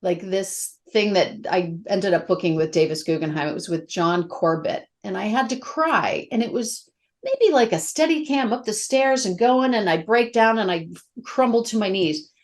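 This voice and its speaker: A middle-aged actress speaking as a guest in a casual interview, candid and emotional, telling stories with a lot of feeling. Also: female voice, mid-range voice, normal speed. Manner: candid, emotional, animated storytelling.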